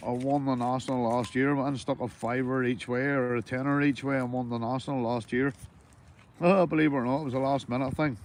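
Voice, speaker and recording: Northern Irish man, mid-pitched, casual streaming banter, swears freely, faint ambient noise. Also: steady tone, a little fast. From Northern Ireland. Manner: easygoing banter, swears freely, says "mate" constantly. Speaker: livestreaming angler. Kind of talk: casual chat to livestream viewers.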